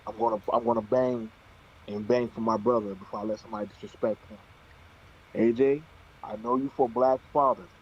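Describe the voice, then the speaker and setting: A man's voice: mid-range voice, expressive, brisk, vocal fry, slightly rough. A man hosting a heated panel talk, blunt and profane. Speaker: show host. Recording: dull lo-fi audio.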